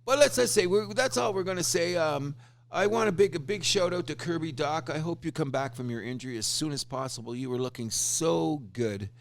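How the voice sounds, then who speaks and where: A man co-hosting a casual sports podcast, talking in an animated, opinionated way with crude fan banter. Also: fairly high pitch, brisk, creaky. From Canada. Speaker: podcast co-host.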